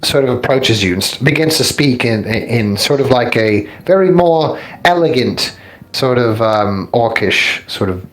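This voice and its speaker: A man's voice: medium pitch, animated, moderate pace, a bit bright, low-quality recording. A man narrating as dungeon master, describing scenes in a rambling, self-correcting way. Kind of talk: narrating a tabletop game.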